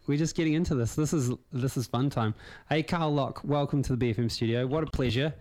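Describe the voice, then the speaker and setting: A man's voice: mid-range voice, fairly quick, a little mellow. A man with a New Zealand accent hosting a radio show in a studio, talking loosely with slang and lots of fillers. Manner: loose, laid-back slang with many fillers. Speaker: radio host. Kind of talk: casual radio chat. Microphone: studio microphone.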